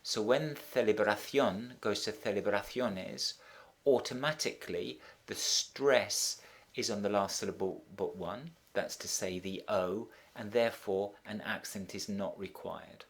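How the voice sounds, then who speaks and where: A middle-aged man with a fairly low voice explains a translation exercise step by step. He talks like a teacher at his desk, methodical and unhurried, with frequent ums and small restarts along the way. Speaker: Spanish teacher.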